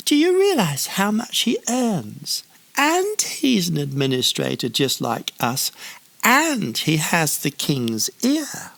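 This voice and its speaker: A man voicing oily, haughty male royal administrators who grovel in a strained, high voice. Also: wildly swooping pitch, slow, creaky, a bit bright, exaggerated voice. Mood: scheming. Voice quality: slimy, fawning, high and strained.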